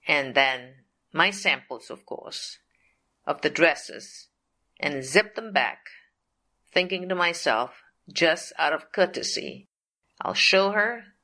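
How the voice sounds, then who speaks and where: An older woman recounts a personal testimony at a very slow, deliberate pace, earnest and repetitive. Her voice is bright and forceful, sitting a little low. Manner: earnest, repetitive, leans on "of course" and "whatsoever". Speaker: storyteller sharing a faith testimony.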